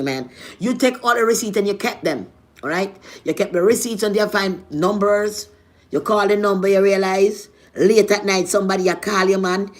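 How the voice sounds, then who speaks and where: A woman with a Jamaican accent and a medium-pitched voice tells a personal story in a casual vlog. She's animated and blunt, swears a lot, and swings between loud and soft.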